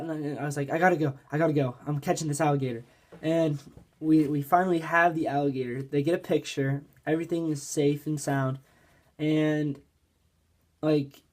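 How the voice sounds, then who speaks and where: Slightly high and darkish in tone, this Pennsylvania man's voice carries a loose, meandering fishing tale. The fishing vlogger drops "like" into nearly every phrase.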